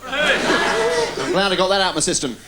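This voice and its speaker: A man does stand-up on a 1990s TV broadcast, rattling off deadpan pun after pun. His voice sits very high and swoops all over, while a packed audience roars with laughter behind a noisy signal. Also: over a noisy crowd. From England. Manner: rapid-fire deadpan puns with quick delivery. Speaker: stand-up comedian. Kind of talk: stand-up one-liners. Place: live TV studio with a laughing audience.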